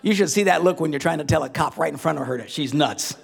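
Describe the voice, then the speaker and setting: A middle-aged male pastor preaching a humorous sermon, telling comic stories and swinging between loud bursts and hushed asides. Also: fairly high pitch, lively intonation, fast, gravelly, a faint crowd.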